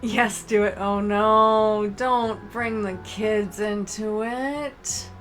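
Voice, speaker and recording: A woman's voice: mid-range voice, fairly even intonation, fairly bright tone, soft background music. A woman from the American Midwest with a Midwestern accent, streaming as she reads a dating game aloud, laughing often and joking between lines. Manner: playful, laughs often, reads in a slow storytelling way. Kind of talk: reading a dating game aloud with playful commentary.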